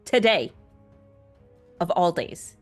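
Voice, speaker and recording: A woman voicing an angry young woman who swears and shouts at her mother. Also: mid-range voice, lively intonation, slow, slightly rough, soft background music, pitched above the performer's own voice. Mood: furious.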